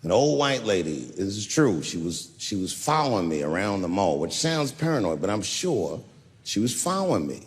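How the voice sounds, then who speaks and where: A male comedian doing a stand-up set, telling profane stories that swing from shouts to low mutters. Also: very animated, normal speed, big-room sound.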